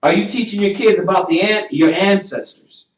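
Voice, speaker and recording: The speaker is a high-voiced man from the Southern US, a teacher delivering class material as a sermon. He is emphatic and preachy, building toward shouting and lingering over repeated questions. Recorded distantly in an echoey room, the sound is muffled.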